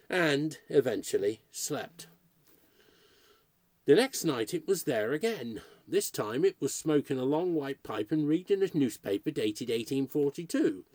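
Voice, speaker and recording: A man reading a short story aloud as narrator, in a lively, expressive storytelling manner. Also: medium pitch, dry recording.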